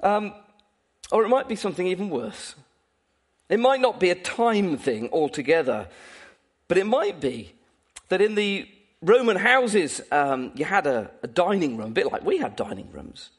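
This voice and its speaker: A male preacher gives a sermon in a high voice that swings widely in pitch. Animated and playful, he laughs often, speaking at normal speed with a slightly rough tone.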